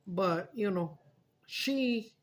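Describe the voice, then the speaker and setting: A woman mukbang vlogger with a medium-pitched, animated voice draws out her words as she chats casually. She tells stories with feeling, swearing and slipping into Spanish.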